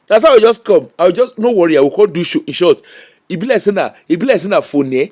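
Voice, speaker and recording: A Nigerian man rants on a live stream in a voice that sits high for a man. He talks in an animated, mocking way and slips into teasing sing-song bits. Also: fast talker. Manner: animated Pidgin rant, mocking, laughing. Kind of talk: ranting live-stream monologue.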